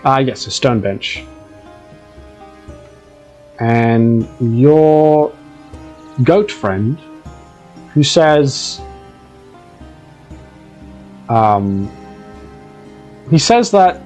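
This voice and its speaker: Male game master, slow, hesitant, lively pitch, faint music behind. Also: poor audio. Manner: hesitant, many ums, restarts. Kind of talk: live tabletop game narration.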